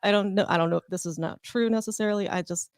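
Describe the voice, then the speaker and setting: A woman's voice: mid-range voice, quick pace, no room sound. A woman co-hosting a podcast, telling a personal story in a rambling, filler-heavy way. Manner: rambling, many fillers, laughs as she tells it. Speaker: podcast co-host. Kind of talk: casual storytelling.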